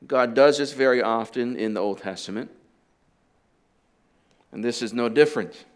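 A pastor preaching a sermon, explaining deliberately and dropping in casual asides to the congregation. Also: male voice, medium pitch. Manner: deliberate teaching with conversational asides.

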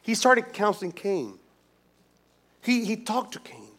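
A man preaching a sermon as pastor, swinging from hushed, quiet lines to loud, emphatic ones, with many restarts. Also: high-pitched, slow, long pauses.

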